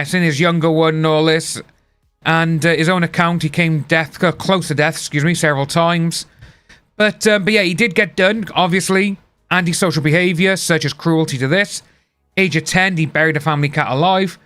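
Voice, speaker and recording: A man's voice: fairly high pitch, a bit bright, clear, resonant tone. A man chatting casually on a live stream, rambling and replying to his chat. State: hiccups. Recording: faint music behind.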